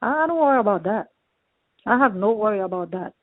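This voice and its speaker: A man's voice: high voice, expressive, fast, no echo. A landlord, a man, retelling a dispute with indignation, repeating himself and acting out the arguments he had. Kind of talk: heated phone conversation. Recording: tinny dry phone line.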